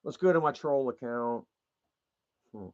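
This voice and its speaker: A man's voice: mid-range voice, unhurried. A man giving profane, heated commentary to his viewers, ranting as he browses online pages. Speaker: commentary vlogger. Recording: dull lo-fi sound.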